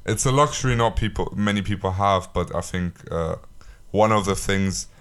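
A young man with a very low, smooth voice co-hosts a casual podcast from home over a call. He talks in a loose, rambling way and often stops to restart his sentences. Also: normal speed. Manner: relaxed, rambling with many restarts. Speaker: podcast co-host. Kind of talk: casual chat.

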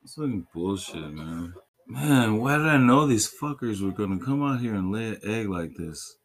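A man's voice: lowish voice, animated, moderate pace. A man recording himself watching a football game, venting with frequent swearing and laughter. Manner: profane, exasperated, laughs often. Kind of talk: casual live-watching banter.

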